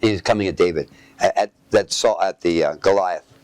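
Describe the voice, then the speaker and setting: This preacher's voice sits low and has a slightly mellow tone, and he moves briskly with no room sound in the recording. After reading scripture aloud he offers commentary, and he poses fill-in-the-blank questions for his listeners to complete.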